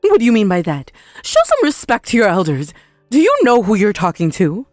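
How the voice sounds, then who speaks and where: A woman playing a shrill scheming mother-in-law. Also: wildly swooping pitch, fairly quick, darkish tone, no echo, clean studio sound, faint music behind. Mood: accusing. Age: older. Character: pushy older woman, scheming ex-mother-in-law, blames everyone else. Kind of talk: dramatized story voice acting.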